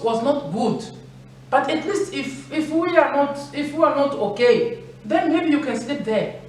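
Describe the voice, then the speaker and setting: A woman's voice: fairly high pitch, a little hiss or hum. A woman preaching a sermon to women, earnest and repeating phrases for emphasis. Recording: echoey room from far off.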